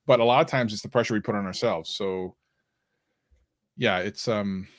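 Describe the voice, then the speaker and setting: A man's voice: fairly low pitch, normal speed. A man co-hosting a casual livestream question-and-answer session, chatty and jokey, with many fillers and restarts. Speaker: co-host.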